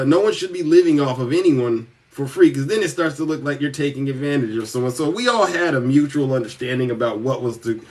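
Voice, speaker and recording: A man hosting a show, telling a comic story in an animated way and calling himself by name. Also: medium pitch, recorded from a distance. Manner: animated, refers to himself in the third person. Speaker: podcast host. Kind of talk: comedic storytelling monologue.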